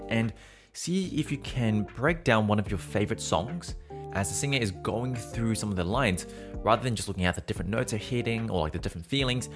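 A man with a fairly low voice gives a voice lesson, coaching the listener step by step. He stops now and then to sing or voice short vowel and nasal examples. Faint music plays under him. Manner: demonstrates sung and nasal vowel sounds between explanations; encouraging, direct instructions to the listener. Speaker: singing teacher. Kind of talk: podcast voice lesson.

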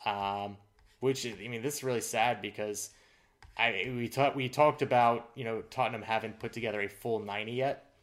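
A male podcast co-host talks through the week's football results in a loose, rambling way. His voice sits at an ordinary middle pitch, and his chat is dotted with fillers and restarts. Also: steady tone, moderate pace. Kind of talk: casual sports chat.

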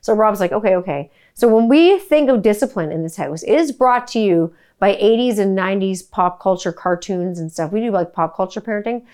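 A woman's voice: mid-range voice, a little fast, few pauses, smooth. Chatty, profane woman podcast host. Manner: animated, profane, rambling with many "like" fillers. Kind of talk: casual storytelling chat.

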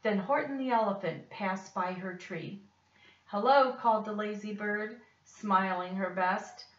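A woman reading a rhyming picture book aloud with measured, expressive delivery. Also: medium pitch. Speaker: storyteller. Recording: dull, roomy, distant recording.

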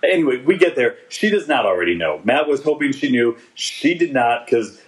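With a medium-pitched voice and lively intonation, a man in his forties talks at a moderate pace while co-hosting a podcast. He chats casually about a TV episode, cracking jokes, rambling and often restarting. The recording is low quality.

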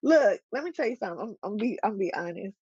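A woman's voice: medium pitch, lively intonation, fast, darkish tone, slightly rough, dry recording, dull audio. A woman hosting an interview, chatty and enthusiastic, with plenty of fillers. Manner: chatty and enthusiastic, many fillers and back-channel "mm-hmm"s. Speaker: interview host. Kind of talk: casual interview chat.

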